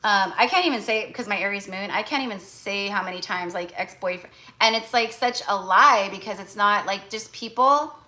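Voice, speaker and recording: A woman's voice: mid-range voice, normal speed, bright, forceful tone, rough recording. A woman tarot reader in casual livestream chat, blunt and chatty, full of fillers.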